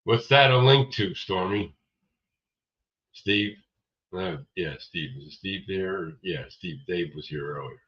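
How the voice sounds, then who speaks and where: A man's voice: sits low, slow pace, fairly bright tone. A man hosting a casual livestream, rambling and answering viewers by name. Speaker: livestream host. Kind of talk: casual livestream chat reading viewer comments. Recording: dull lo-fi stream audio, distant from mic.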